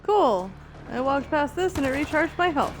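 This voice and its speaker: A woman's voice: high voice, very animated, moderate pace, music in the background. A woman streamer chatting casually while playing, with self-mocking asides. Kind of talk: casual gaming commentary.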